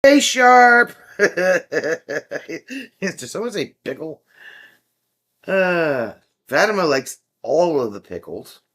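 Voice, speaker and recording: A man hosts a relaxed livestream chat and takes his time over each thought. He is playful and jokey and laughs a lot as he reacts to his viewers. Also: a little high, takes it slowly, long pauses.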